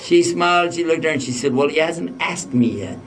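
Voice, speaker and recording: A man's voice: a little high, a little fast, far from the mic. A man giving a religious lecture, telling a humorous personal story and acting out the dialogue. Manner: humorous, anecdotal, acts out dialogue.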